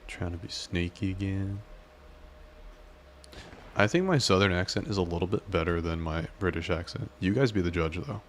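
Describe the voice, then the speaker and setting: A man casually commenting on his gameplay and chatting with his viewers in a relaxed way. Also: low-pitched, normal speed, slight background noise. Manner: relaxed, chatty, talks to chat. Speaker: game streamer.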